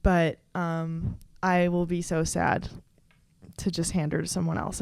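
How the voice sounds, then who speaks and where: A woman's voice: on the low side, little pitch movement, unhurried, gravelly, darkish tone, clean tone, dry recording, clean studio sound. A woman in her twenties, a podcast host telling casual stories in a chatty, profane way, full of fillers and restarts. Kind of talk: casual storytelling chat.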